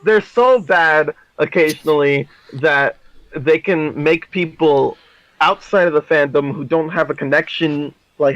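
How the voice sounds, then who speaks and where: A young man in casual podcast chat, excitable and swearing freely. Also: fairly high pitch, no room sound, lo-fi sound. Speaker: podcast co-host.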